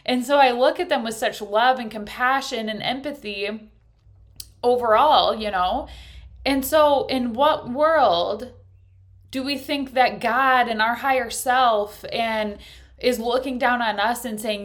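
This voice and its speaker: A woman's voice: fairly high pitch, slow. Candid, earnest woman talking casually. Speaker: podcast host. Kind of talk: casual spiritual talk.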